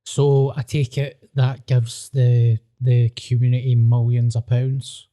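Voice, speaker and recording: A man's voice: medium pitch, level tone, takes it slowly, warm tone. A man chatting casually on a podcast, laid-back and sweary. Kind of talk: casual chat.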